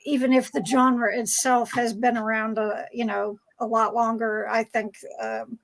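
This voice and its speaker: Woman, convention panel interviewer, slightly high voice, agreeable and hedging. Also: flat delivery, measured pace, creaky, poor audio. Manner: agreeable, hedging, many "you know"s.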